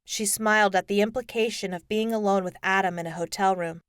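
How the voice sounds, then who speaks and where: A woman's voice: mid-range voice, fairly even intonation, a little fast, few pauses, clear, resonant tone, no room sound, studio quality. Woman narrating a YA audiobook. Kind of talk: scripted narration.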